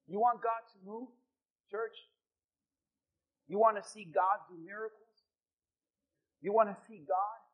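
A middle-aged man preaching a sermon as pastor, dramatic, at times shouting as he acts out prayers. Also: high-pitched, a little slow, long pauses, husky, low-quality recording.

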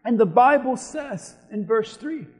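A man preaching a sermon as pastor in a church, his delivery building from steady teaching to impassioned shouting. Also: very high-pitched, measured pace, in a large hall. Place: church sanctuary.

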